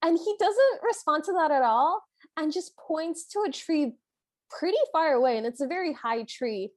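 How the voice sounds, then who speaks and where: A woman's voice: sits high, expressive, moderate pace, a little mellow. A woman co-hosting a podcast, casually retelling a film's plot scene by scene and quoting its lines. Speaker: podcast co-host. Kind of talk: casual film recap chat.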